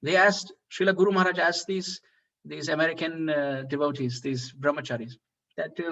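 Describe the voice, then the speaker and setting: A man's voice: on the high side, moderate pace, creaky, a little hiss or hum, poor audio. A man giving a devotional talk, telling a story animatedly with frequent fillers. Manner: animated, acts out quoted dialogue, frequent "uh" fillers. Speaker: speaker at a devotional festival. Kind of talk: storytelling sermon.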